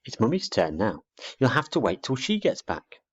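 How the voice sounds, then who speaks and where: A man voicing a calm father barn owl in a storybook reading, dull lo-fi recording. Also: mid-range voice, normal speed, slightly rough, voice pushed up.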